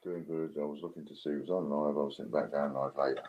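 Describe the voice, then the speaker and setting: A British man hosting a casual live stream, relaxed as he counts down bids. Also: rumbling low, a little fast, lo-fi sound, slight background noise. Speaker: live stream host running coin auctions.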